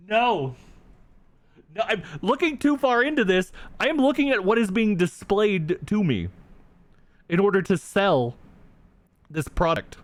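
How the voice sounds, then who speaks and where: A young man chatting on a livestream while playing a tabletop game. He swears freely and slides into animated rants. His voice sits a bit high and sounds dry and close, with no room around it. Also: unhurried, long pauses, no echo. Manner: animated, profane ranting to chat. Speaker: streamer. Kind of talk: casual livestream chat.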